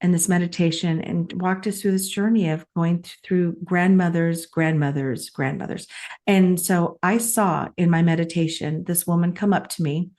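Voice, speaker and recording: A woman's voice: lowish voice, fairly even intonation, moderate pace, hardly any pauses, a little mellow. A middle-aged woman co-hosting a talk show, telling a personal story in a heartfelt, chatty way. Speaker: podcast co-host. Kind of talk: casual chat.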